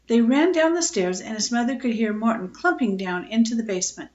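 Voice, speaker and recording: A woman's voice: fairly high pitch, a little fast. Older woman reading a children's story. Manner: expressive reading with small slips. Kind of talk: reading a children's book aloud. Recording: echoey lo-fi home recording.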